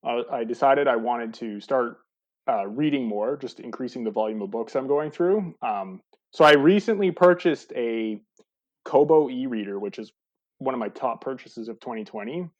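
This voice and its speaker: A male podcast guest talks wryly and hesitantly, with plenty of ums. His pitch sits in the middle, and his remote line sounds slightly dull and lo-fi. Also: lively intonation, moderate pace. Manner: wry, hesitant with many ums. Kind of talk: casual podcast chat. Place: home, recording remotely.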